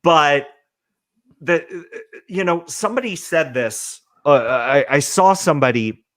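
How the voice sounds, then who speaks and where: A man hosting a casual podcast chat, ranting in an animated, profane way with lots of fillers. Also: on the high side, a little slow. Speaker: podcast host.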